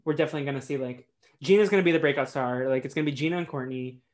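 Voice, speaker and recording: A man's voice: mid-range voice, racing. A man co-hosting a podcast in casual chat, with loose, jokey talk full of fillers. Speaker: podcast co-host.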